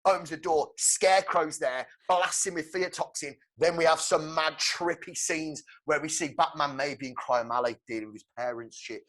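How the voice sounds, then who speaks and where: A man co-hosting a podcast, excitedly pitching a film plot with swearing and shouted sound effects. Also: normal speed, hardly any pauses. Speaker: podcast co-host. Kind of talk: animated movie-pitch storytelling.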